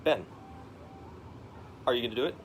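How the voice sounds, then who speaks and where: A man voicing a gruff, pushy male newspaper editor. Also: mid-range voice, expressive, normal speed, slight background noise, close to an everyday voice.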